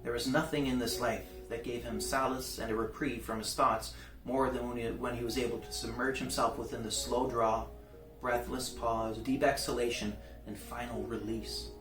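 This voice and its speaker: A man reading a novel aloud in a relaxed way, with small restarts. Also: medium pitch, normal speed. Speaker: reader. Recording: roomy, distant mic, faint guitar music.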